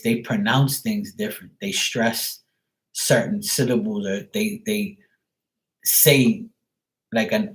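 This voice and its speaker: A Bermudian man with a low-set voice talks loosely on a live stream. He rambles through his thoughts, leaning on "like" and dropping casual swears. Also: poor audio. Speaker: tarot reader, live streamer.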